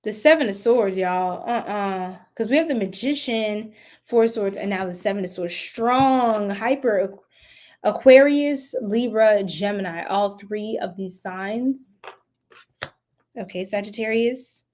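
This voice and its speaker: A woman's voice: mid-range voice, a little slow, a little mellow. A young woman giving a casual live tarot reading, chatty and giggly, talking to viewers in the chat. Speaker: tarot reader.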